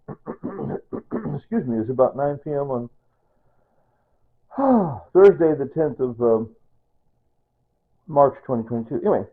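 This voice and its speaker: An older man talking in a casual personal vlog, rambling and sentimental, often repeating himself. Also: medium pitch. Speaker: vlogger. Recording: tinny phone-like sound.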